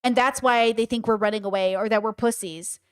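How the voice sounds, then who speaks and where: A woman livestreaming, telling stories and giving commentary in an emphatic, animated and blunt way, with frequent swearing. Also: on the high side, brisk, smooth. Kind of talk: casual livestream storytelling and commentary.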